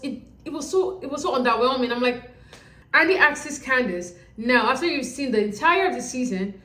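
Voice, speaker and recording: A woman hosting a casual reality TV recap, animated and sassy, acting out what others said. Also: fairly high pitch, reverberant. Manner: animated, sassy, quotes people in voices.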